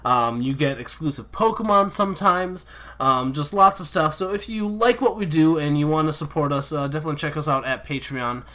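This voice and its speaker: A man hosts a casual podcast outro, his voice bright and a touch high. He rambles loosely with plenty of ums and uhs. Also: a little fast. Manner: rambling, many fillers. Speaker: podcast host.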